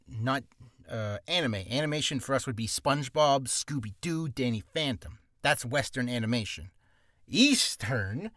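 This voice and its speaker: A man's voice: mid-range voice, a bit bright, dry recording, clean studio sound. A man in a casual vlog, rambling in a goofy way and often cutting himself off mid-sentence. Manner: goofy, rambling, self-interrupting. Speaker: voice actor vlogger. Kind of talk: casual screen-share vlog.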